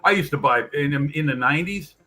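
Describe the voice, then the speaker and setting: A man with a bright, forceful voice talks casually on a live panel. He rambles and restarts his sentences as he goes. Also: fairly high pitch, lively intonation, brisk, rough recording. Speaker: panel guest. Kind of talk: casual chat.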